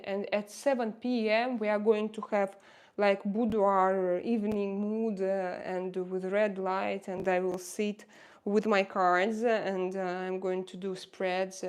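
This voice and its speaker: Reading through viewer chat on her casual livestream, a Russian-accented woman hesitates often, groping for words with lots of fillers. Her voice is smooth and medium-pitched.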